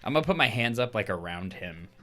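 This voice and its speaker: Rambling bright man at a tabletop game. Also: on the low side, animated, fast, soft background music. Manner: rambling, lots of "like". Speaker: player.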